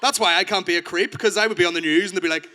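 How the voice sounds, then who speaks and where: A man with a Northern Irish accent performing a crude stand-up set, telling stories fast and loose. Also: sits high, sharp tone, slight background noise. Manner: crude, rapid storytelling. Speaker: stand-up comedian.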